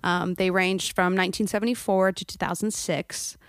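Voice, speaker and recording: A woman's voice: lowish voice, fairly even intonation, normal speed. A woman co-hosting a podcast in casual chat, talkative and giggling. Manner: chatty, giggly. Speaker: podcast co-host.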